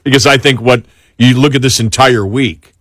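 A man hosting a political talk show, talking in an exasperated, animated way with many restarts. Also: mid-range voice, moderate pace, no echo, clean studio sound. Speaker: talk radio host.

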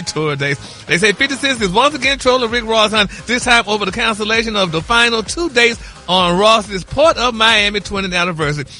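Flamboyant high-voiced man reporting gossip. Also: sharp tone. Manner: flamboyant, says honey and y'all constantly. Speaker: celebrity news reporter. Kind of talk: radio show gossip segment.

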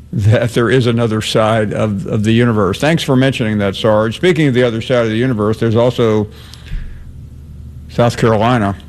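A man hosting a sports talk radio show, answering callers quickly and in a friendly way. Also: mid-range voice, darkish tone. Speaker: radio host.

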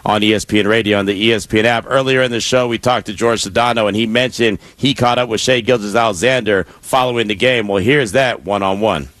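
A man's voice: fairly low pitch, steady tone, quick pace, hardly any pauses, a bit bright, no room sound. Man hosting sports radio, dry studio. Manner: smooth host delivery, reads listener feedback. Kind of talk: radio sports talk show. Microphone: studio mic.

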